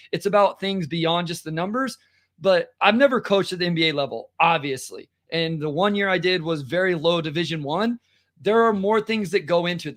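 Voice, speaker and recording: A man co-hosting a basketball podcast, talking in an animated, quick way and reading out listener comments. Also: high voice. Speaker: podcast co-host and high school basketball coach. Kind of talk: casual sports podcast chat.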